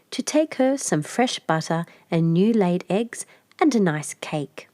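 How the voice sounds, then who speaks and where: Female storyteller for a kids' fairy tale, gentle and even, dry close studio sound. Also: medium pitch, dry recording. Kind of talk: scripted storybook narration.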